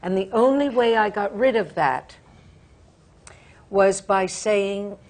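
An older woman on a panel, telling a candid and earnest story about stage nerves, with long pauses. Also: mid-range voice, darkish tone. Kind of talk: casual anecdote telling.

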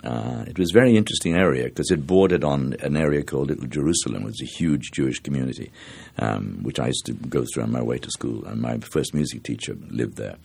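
Older Dublin actor, very low gravelly voice, anecdotal and unhurried. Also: male voice, darkish tone. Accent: Dublin, South Circular Road. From Ireland. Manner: reflective, anecdotal, with many restarts and fillers. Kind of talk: interview, storytelling.

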